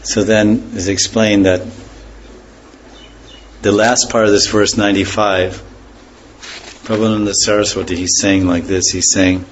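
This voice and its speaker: A man with a fairly low voice teaches a scripture class at an unhurried, reflective pace. He stops often to explain words, and his phrases fade softly at the ends. A faint background hiss sits under his voice. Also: little pitch movement, low-quality recording. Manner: pauses to explain words and terms. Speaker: spiritual teacher.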